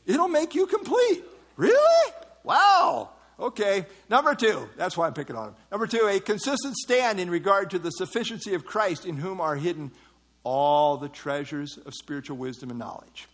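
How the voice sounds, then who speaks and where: A man with a notably high speaking voice preaches a sermon. He explains his text word by word, pausing on "uh" fillers. He breaks off into mocking asides. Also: lively intonation, a bit bright. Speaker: pastor. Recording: evening service.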